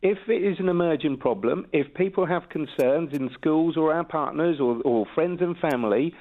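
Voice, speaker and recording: A man's voice: fairly high pitch, normal speed. A man, a police detective superintendent, giving an earnest, official phone interview. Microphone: telephone. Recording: tinny phone line.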